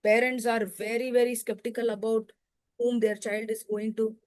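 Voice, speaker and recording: A middle-aged woman with a fairly high voice answers interview questions, earnest and unhurried. Her advice comes in measured phrases broken by small pauses. The recording is close and dry. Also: level tone, a little mellow, no room sound. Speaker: podcast guest.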